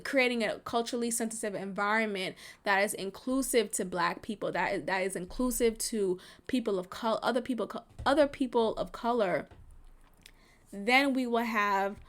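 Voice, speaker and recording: A woman hosting a podcast, giving impassioned and profane solo commentary that moves between tired, quiet stretches and angry outbursts. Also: mid-range voice. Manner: fiery, profane, swings from weary to shouting. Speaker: podcast host.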